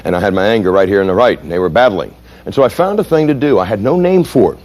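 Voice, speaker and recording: A middle-aged man lecturing to a seminar audience in a lively, theatrical way. His pitch leaps up and drops low as he dramatizes stories and mimics people. He is an energetic storyteller who keeps checking in with his listeners. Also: quick pace. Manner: animated, dramatic storyteller, mimics voices and sounds. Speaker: seminar speaker. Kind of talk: lecture with acted examples.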